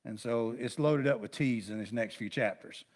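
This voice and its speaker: A man's voice: medium pitch, moderate pace. A man pastor teaching an informal Bible study in a folksy, rambling, conversational way. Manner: rambling, conversational, with many restarts and asides; folksy, plain-spoken.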